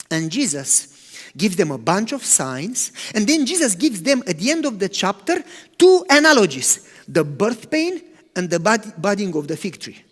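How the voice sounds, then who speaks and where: A man preaching a sermon as pastor, animated, swinging from loud to hushed. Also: high voice, normal speed. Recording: long hall reverb.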